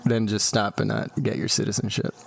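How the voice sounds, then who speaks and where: A man's voice: on the low side, lively intonation, brisk, vocal fry. Blunt, teasing man hosting a podcast. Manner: blunt, teasing, swears freely. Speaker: podcast host. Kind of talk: casual profane chat.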